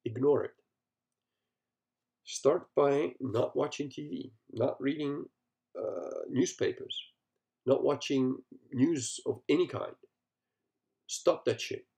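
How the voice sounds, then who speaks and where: On his solo podcast, a middle-aged man talks slowly in a creaky, warm voice of medium pitch, pausing often. His storytelling is blunt and full of profanity, with quotes acted out.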